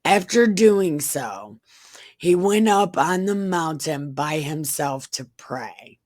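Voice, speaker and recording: Woman, deep and unhurried; deadpan comic scripture reader with crude asides. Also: dry recording. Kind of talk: irreverent comedic Bible reading.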